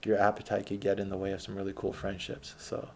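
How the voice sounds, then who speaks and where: Gravelly low-voiced man telling a story. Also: monotone, fast, a little mellow, a little hiss or hum. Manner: rambling, swears freely. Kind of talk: casual autobiographical storytelling.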